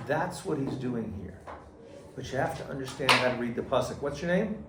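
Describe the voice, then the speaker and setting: A man's voice: mid-range voice, brisk, very noisy. A man teaching a Torah lesson to a class, asking questions and acting out quotes with rising energy. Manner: animated, asks the class questions, acts out quotes loudly. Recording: echoey room, mic far off.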